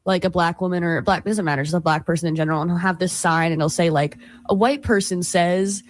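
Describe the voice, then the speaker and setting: A woman's voice: lowish voice, fairly even intonation, fast. A young woman co-hosting a morning radio show, chatting casually and rambling with lots of fillers. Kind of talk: casual chat. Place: radio studio.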